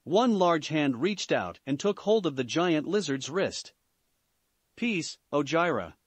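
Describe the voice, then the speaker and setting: A man's voice: on the high side, animated, unhurried, breathy edge, no room sound. A man narrating a fan fiction story into a close mic, steadily, sometimes repeating a word. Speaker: story reader.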